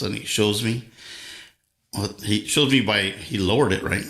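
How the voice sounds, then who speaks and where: Older male streamer, gravelly folksy storyteller, echoey room with guitar behind. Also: lowish voice, moderate pace, bright, forceful tone. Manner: folksy storyteller, rambling anecdotes. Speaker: livestream host and guitarist. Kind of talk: casual livestream chat.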